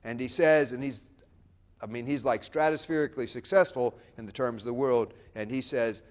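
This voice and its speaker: Guy preaching a sermon, earnest, pausy, slightly muffled lo-fi sound. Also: medium pitch, fairly even intonation. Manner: earnest, emphatic, with dramatic pauses and hushed quotes. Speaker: pastor.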